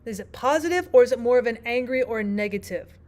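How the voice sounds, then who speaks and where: A woman with a slightly high voice teaches a literature lesson. She explains each point clearly and keeps turning questions back to the listener, in a steady classroom manner. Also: quick pace. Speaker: language arts teacher.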